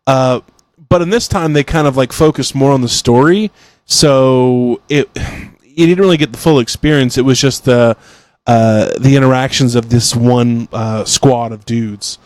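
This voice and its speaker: A man's voice: mid-range voice, measured pace, a little mellow, no echo. A man co-hosting a podcast in casual chat, a rambling, chatty storyteller. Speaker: podcast co-host.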